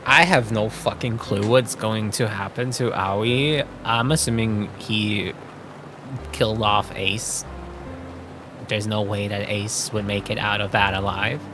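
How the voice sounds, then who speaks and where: A man's voice: fairly low pitch, steady tone, slow pace, background noise. Chatty young man streaming a game. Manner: chatty, emotional, swears casually. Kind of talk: casual gameplay chat. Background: game music.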